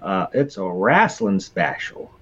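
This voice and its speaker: A man's voice: low voice, sing-song, slow pace, a bit bright, dull audio. A man playing in a tabletop game podcast, casual, swearing and trailing off. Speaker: player.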